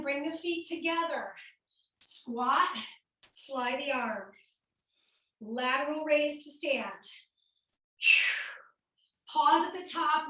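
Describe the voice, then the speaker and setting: A woman's voice: high voice, fairly bright tone, very echoey, far from the mic, rough recording. A woman fitness instructor with a Midwestern accent, upbeat and a little breathless as she cues moves while exercising along with a home workout class. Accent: American Midwestern.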